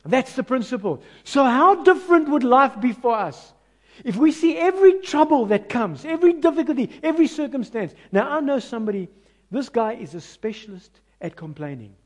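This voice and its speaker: Animated South African preacher, high voice. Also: male voice, brisk. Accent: South African, mixing in Afrikaans. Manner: animated preaching, swings between loud and hushed; self-mocking, conversational asides to the congregation. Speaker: pastor. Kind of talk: sermon.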